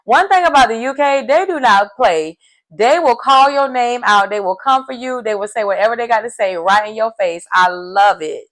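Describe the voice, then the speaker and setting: A woman talks through a reality show episode in a loose, casual way. She is chatty and opinionated, tossing in playful asides and quick verdicts about the players. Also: on the high side, a bit bright. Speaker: reality TV recap vlogger.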